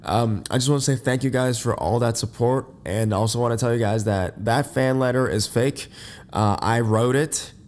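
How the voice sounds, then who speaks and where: A man hosting a casual, rambling podcast from his bed. He has just woken up, and his voice is deep and a little congested. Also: moderate pace, darkish tone. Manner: rambling, many fillers and restarts. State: groggy, just woke up. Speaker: podcast host. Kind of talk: casual unscripted podcast monologue. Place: in bed at home.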